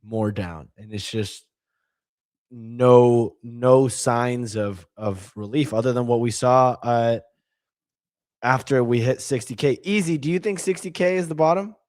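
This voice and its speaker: A man's voice: mid-range voice, a little slow, no room sound, studio quality. A man co-hosting a podcast, talking casually and animatedly, with lots of fillers. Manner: animated, filler-heavy, reads tweets aloud. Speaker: podcast co-host. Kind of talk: casual chat.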